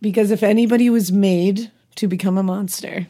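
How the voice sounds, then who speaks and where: A woman co-hosting a casual true-crime podcast, hoarse, with vocal fry, chatty and given to swearing. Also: mid-range voice, fairly even intonation, brisk, warm tone. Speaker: podcast co-host.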